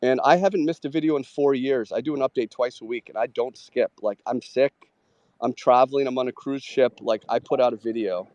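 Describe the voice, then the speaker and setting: A man's voice: medium pitch, darkish tone, no room sound, dull audio. Chatty male host with a dry sound. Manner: chatty, with many "like" fillers and quick agreeing murmurs. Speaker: host of a live audio chat show. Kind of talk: casual live chat about trading.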